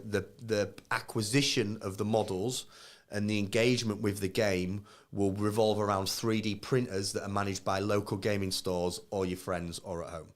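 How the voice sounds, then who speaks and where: A man in his thirties co-hosting a live podcast, chatting casually and acting out quoted voices as he tells stories. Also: on the low side. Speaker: podcast co-host.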